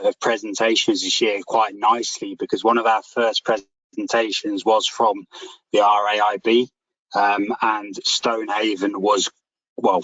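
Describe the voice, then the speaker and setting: A man chairing a meeting and thanking presenters over a video call, relaxed and halting with many ums. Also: fairly low pitch, no echo. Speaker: section chair hosting a meeting. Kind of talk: closing remarks on a video call. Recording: dull lo-fi call audio.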